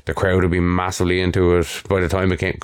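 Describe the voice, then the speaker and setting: Deep, smooth co-host. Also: male voice, completely flat delivery, dry recording, studio quality. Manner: measured, hesitant, many fillers. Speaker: podcast co-host. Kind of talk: casual chat.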